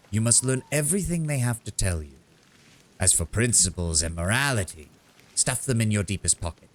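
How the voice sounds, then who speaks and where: A man voicing a shrewd, worldly male kobold bard in a video game, speaking in a measured storytelling way. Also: sits low. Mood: sly. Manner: measured storytelling, grows sonorous and dramatic. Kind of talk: reading game dialogue aloud.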